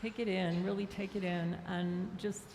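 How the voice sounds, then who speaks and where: A woman's voice: medium pitch, fairly even intonation, normal speed, a little mellow. A woman serving as minister, talking conversationally to her congregation and laughing easily during a Sunday service. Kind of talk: casual talk at a Sunday service. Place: church sanctuary with a congregation. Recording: reverberant hall, faint crowd and noise.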